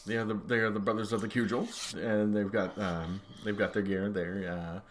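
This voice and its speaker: A man's voice: on the low side, level tone, moderate pace, a little hiss or hum. A man narrating a tabletop game as game master, rambling with fillers and joking with the players. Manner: rambling, many fillers, jokey.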